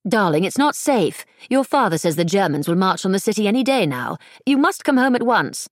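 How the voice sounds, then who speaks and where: Tart, commanding mother, read by a woman narrator, dry husky voice, storybook audiobook. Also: mid-range voice, big pitch swings, a little fast, no echo, voice pushed up. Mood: stern. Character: stern, tart upper-class mother.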